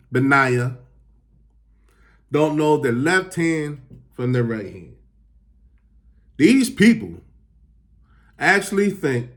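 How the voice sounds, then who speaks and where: A man with a fairly high voice reads scripture and then retells it in loose, slangy talk. His delivery is casual and conversational, like a teacher talking a listener through the verses. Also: a bit bright. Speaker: Bible teacher.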